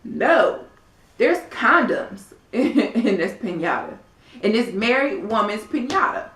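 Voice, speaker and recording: A woman's voice: medium pitch, sing-song, takes it slowly, a bit bright. A woman recapping a reality show in a sassy, blunt, profane way, acting out what the cast members said. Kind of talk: casual recap vlog. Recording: echoey room, far from mic.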